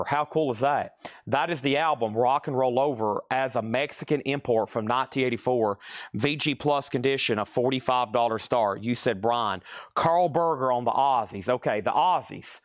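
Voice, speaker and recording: A man hosting a live-streamed record sale, chatting quickly through prices and buyer names, a bit out of breath. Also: mid-range voice, no echo, studio quality.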